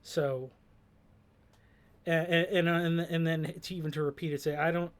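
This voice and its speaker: In this reflective commentary, a male host muses over song lyrics, pausing on fillers and starting his thoughts over. He sounds a little high, keeps his tone steady, and speaks at a measured pace.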